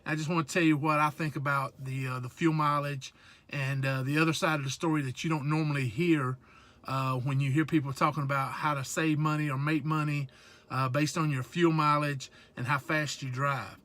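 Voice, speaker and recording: Southern trucker guy vlogging from his cab, folksy and jokey, bright kinda high voice. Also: flat delivery, moderate pace. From South Georgia / North Florida, USA. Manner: folksy, joking, rambling. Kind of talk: casual vlog chat.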